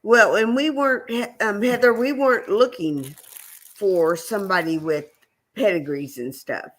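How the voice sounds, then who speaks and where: A woman co-hosting a homestead livestream, chatting casually and easygoing with many pauses and fillers. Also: medium pitch. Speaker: homestead channel co-host.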